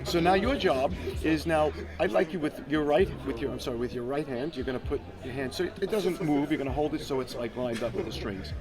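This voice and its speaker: Man, inventor type pitching his product, upbeat and salesy, higher voice, guitar strumming behind. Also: lively intonation, a little fast, few pauses. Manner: upbeat, salesy, coaching step by step. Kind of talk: product demo with live guitar playing. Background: guitar playing.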